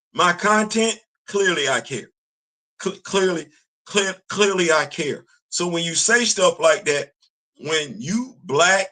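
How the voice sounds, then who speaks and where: A man's voice: fairly high pitch, pushed and bright. A man, ranting to camera in a casual opinion video, scolding and repeating himself. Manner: preachy, repetitive, scolding. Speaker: video commentator.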